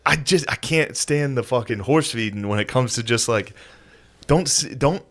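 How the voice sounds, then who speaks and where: A man's voice: medium pitch, normal speed. A young man co-hosting a podcast, telling family stories in a casual chat, often breaking into laughter. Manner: animated, laughing storyteller. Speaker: podcast co-host.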